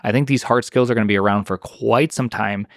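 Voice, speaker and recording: Gravelly, rambling man in casual talk. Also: lowish voice, a little fast, no room sound, studio quality. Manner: rambling, animated, many restarts and fillers. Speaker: podcast guest, programmer. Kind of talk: casual conversation.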